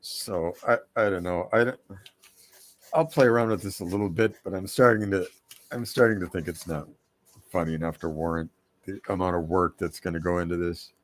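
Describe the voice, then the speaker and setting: A man, a guest cartoonist, chatting casually on a live stream and pitching a comic idea with wry teasing. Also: fairly even intonation, fairly quick.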